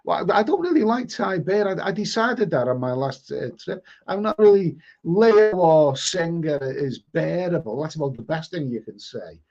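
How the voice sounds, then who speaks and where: A man's voice: on the high side, big pitch swings, moderate pace, hardly any pauses, darkish tone. Middle-aged Liverpool man, stammering stream chat. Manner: stammering, repeats words, chatty. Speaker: live-stream host. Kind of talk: casual chat reading viewer comments. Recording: dull lo-fi stream audio.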